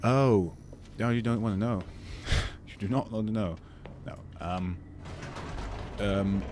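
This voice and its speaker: A man's voice: fairly low pitch, unhurried, over music. A young Dutch man with a British accent, chatting casually as he streams a game, reacting and laughing. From Netherlands. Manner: chatty, reactive, laughing asides, many ums. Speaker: livestreamer. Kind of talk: casual gameplay commentary.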